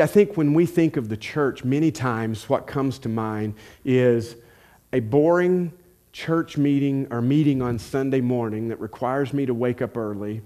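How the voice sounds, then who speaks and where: A man's voice: mid-range voice, mellow. A man, a pastor, preaching a sermon in a conversational, lightly humorous storytelling manner.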